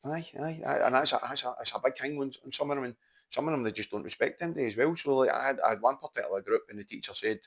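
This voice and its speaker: A Scottish man, a mindset coach, telling stories in casual podcast chat, animated and swearing freely. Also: mid-range voice, fast. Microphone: podcast microphone.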